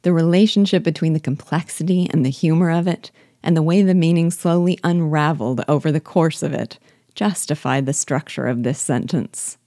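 A woman's voice: low voice, normal speed, warm tone, dry recording, studio quality. A woman hosting a reading podcast, giving thoughtful, wry commentary on a novel and reading passages aloud. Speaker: host guiding listeners through a novel.

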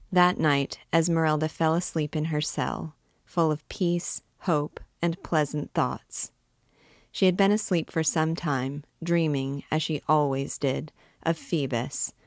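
A woman reading a classic novel aloud in a measured, expressive way. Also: low-pitched, dry recording, studio quality. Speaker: book reader and guide.

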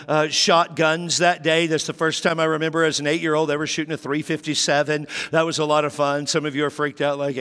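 A pastor telling a personal childhood story in his sermon, acting out the dialogue. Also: a bit bright. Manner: storytelling, acts out dialogue with raised pitch. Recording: long hall reverb.

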